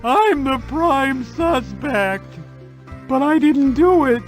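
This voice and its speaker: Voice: high-pitched, expressive, takes it slowly, faint music behind. An actor voicing a worried old uncle fish in a cartoon game, who is protesting his innocence. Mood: plaintive.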